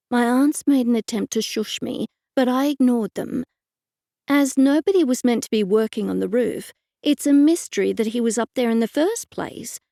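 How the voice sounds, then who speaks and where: A woman's voice: fairly high pitch, normal speed, vocal fry, mellow, no room sound. A woman narrating a first-person mystery audiobook with a wry, dry storytelling manner.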